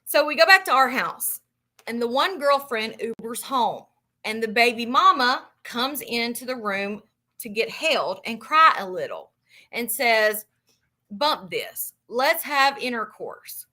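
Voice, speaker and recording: Fairly high, sharp-toned woman reading a messy memoir to her live viewers, loose and blunt. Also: lively intonation, a little slow. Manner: casual and profane, reacting loudly between passages. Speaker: live-stream book club host.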